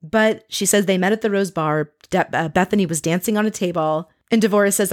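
A woman's voice: mid-range voice, brisk, few pauses, no room sound, studio quality. A woman hosting a casual, chatty recap with wry, sarcastic asides. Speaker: podcast host recapping a reality show.

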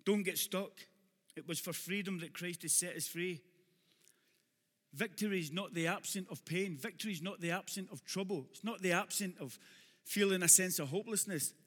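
Man, Glaswegian accent, preacher, sermon, high voice, long hall reverb. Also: normal speed, husky. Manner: preaching, rising to shouts; humorous asides to the congregation. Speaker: pastor.

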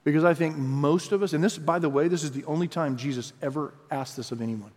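A man preaching a sermon as pastor, lively and conversational, acting out quoted voices. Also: on the high side, quick pace, in a large hall. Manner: animated, acts out quotes in voices.

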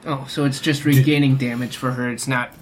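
A man's voice: mid-range voice, flat delivery, brisk. A man playing a tabletop card game, making wry, joking remarks in casual chat. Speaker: player.

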